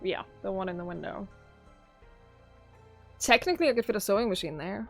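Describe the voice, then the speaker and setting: Chatting live with her viewers, a young southern Norwegian streamer rambles easily and laughs a lot. She has an expressive, medium-pitched voice with a fairly bright tone and a fairly quick pace. Faint background music can be heard.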